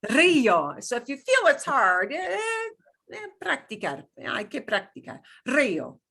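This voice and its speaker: A woman teaching a beginners' Spanish class, demonstrating sounds through slow, playful repetition. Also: high-pitched, huge pitch swings, gravelly, sharp tone, breathy edge. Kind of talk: beginner language lesson.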